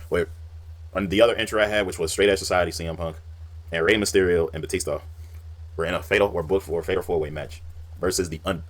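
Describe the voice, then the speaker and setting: Brief: low-voiced man, rapid-fire wrestling recap, rambling and animated. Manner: fast, rambling recap with acted-out quotes. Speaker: wrestling list narrator. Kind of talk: recounting wrestling storylines.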